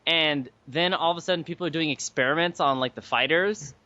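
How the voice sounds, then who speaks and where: A young man co-hosting a casual podcast, excitable and joking, swearing and laughing as he talks. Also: on the high side, fairly quick, no echo. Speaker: podcast co-host. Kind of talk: casual chat. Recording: dull lo-fi podcast mic.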